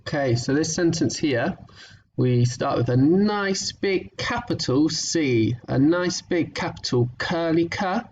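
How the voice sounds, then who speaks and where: A man teaching a recorded phonics lesson to young children, encouraging and patient, sounding words out slowly. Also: a little high, animated, recorded from a distance, poor audio.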